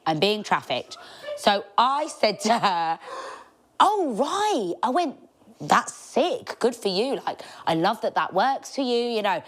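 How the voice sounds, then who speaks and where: A woman's voice: mid-range voice, expressive, measured pace. A woman, telling cheeky stories as a podcast host, chatty and laughing often. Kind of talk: casual storytelling monologue.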